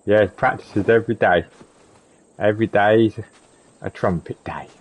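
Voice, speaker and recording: A man's voice: lowish voice, moderate pace, slightly rough. A man, a streamer chatting casually and repeating himself while he plays. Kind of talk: casual chat while gaming.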